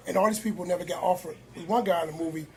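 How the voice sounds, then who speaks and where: A man, a filmmaker guest, talking in a casual podcast conversation, animated and acting out quoted lines. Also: high voice, rapid-fire. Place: cigar lounge.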